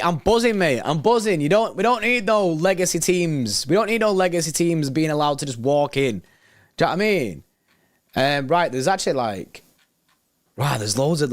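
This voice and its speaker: Excitable slangy young man. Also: on the high side, no echo, studio quality. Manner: excitable, slangy, reads news aloud and riffs. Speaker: football livestream host. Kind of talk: casual livestream chat reacting to news.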